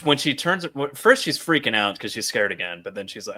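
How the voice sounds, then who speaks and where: Animated, bright-voiced man. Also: on the low side, fairly quick, few pauses. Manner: animated, laughs often, acts out quoted lines. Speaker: podcast co-host. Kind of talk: casual comic book discussion.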